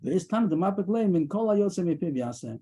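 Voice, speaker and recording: A man teaching a daily Talmud class over a video call, explaining quickly and mixing in Aramaic terms. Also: high voice, expressive, mellow, husky, low-quality recording.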